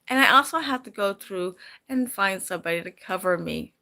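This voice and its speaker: A woman's voice: mid-range voice, lively intonation, fairly quick, vocal fry, bright, forceful tone. A middle-aged woman vlogging, angry and upset, repeating herself as she vents after sleepless nights. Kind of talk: emotional personal vlog.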